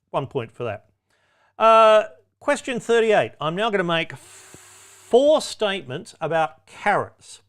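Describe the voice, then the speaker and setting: A man's voice: a little high, a bit bright, clean tone. A man hosting a pub quiz, reading out questions with wry, cheeky asides and chatty self-corrections. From Australia. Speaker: quiz host.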